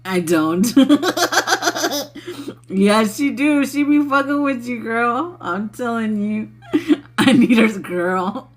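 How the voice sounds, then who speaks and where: A woman's voice: on the high side, animated, slow pace, long pauses. A young adult woman hosting a spiritual livestream, chatting casually with viewers, laughing constantly and swearing freely. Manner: laughs constantly, giggly and profane.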